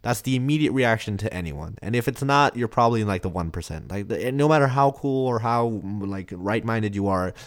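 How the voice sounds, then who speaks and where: A young man with a fairly low voice gives advice in a loose, conversational way. His sentences wander, and he leans heavily on "like" as he talks things through with his father. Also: brisk, few pauses. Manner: relaxed, full of "like" fillers. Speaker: son, podcast guest. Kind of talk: casual conversation giving advice.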